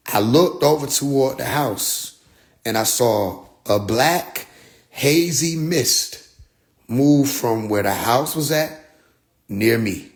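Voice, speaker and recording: Young man, casual storytelling, profane, animated, loud bursts and low asides, mid pitch. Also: measured pace.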